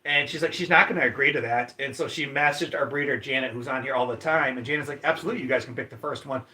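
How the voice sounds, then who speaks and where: A man's voice: mid-range voice, quick pace, sharp tone. Upbeat man hosting a dog livestream. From Michigan. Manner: chatty, upbeat, greets viewers by name. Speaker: livestream host. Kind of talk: casual livestream chat, reading viewer comments.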